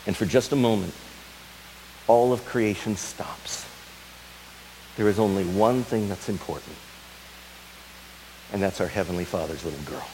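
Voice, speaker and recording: A man pastor preaching a sermon, dramatic, swinging from loud urgency to a soft tender hush. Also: fairly low pitch, measured pace, long pauses, slight background noise, low-quality recording.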